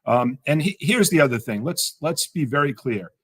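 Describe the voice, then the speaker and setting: A man's voice: medium pitch, lively intonation, normal speed, fairly bright tone, breathy edge, dry recording. A man giving earnest remarks as a guest on a livestream, repeating words and using many fillers. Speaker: state secretary, guest.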